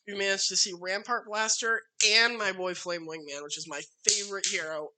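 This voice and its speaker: A man's voice: high voice, fairly even intonation, normal speed, sharp tone. A man streaming a card game live, chatting casually and talking to his opponent as he plays. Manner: chatty, talks to his opponent while playing.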